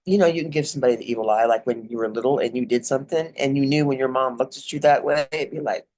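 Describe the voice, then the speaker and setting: A woman's voice: a bass voice, a little mellow. A middle-aged woman giving a casual spiritual talk as a mentor, chatty and digressive, often laughing.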